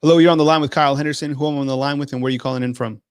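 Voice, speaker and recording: A man's voice: mid-range voice, steady tone, racing, clean tone, no echo, clean studio sound. A man hosting a sports call-in show, talking hesitantly with many restarts. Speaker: host.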